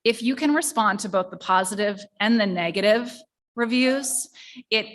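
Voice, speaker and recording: A woman's voice: medium pitch, bright, forceful tone. A woman presenting a small-business workshop, speaking in an upbeat, conversational way and asking the audience questions.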